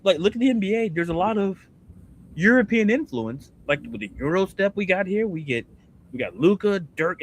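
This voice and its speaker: Guy on a sports podcast, kinda high voice, all over the place pitch-wise, ranting casual. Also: a little hiss or hum. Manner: animated ranting with rhetorical questions. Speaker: podcast co-host.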